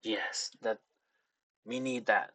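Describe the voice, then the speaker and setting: A man's voice: on the low side, steady tone, takes it slowly, no room sound, heavily acted. A man voicing a simple-minded male super mutant who talks in broken, caveman-like grammar. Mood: blunt. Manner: calls out loudly for help.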